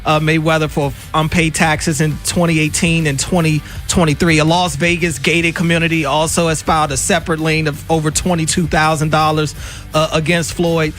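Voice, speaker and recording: A man's voice: fairly high pitch, faint music behind. A man with a Baltimore accent co-hosting a sports radio show in casual, emphatic banter from a studio. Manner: animated, emphatic, quick asides.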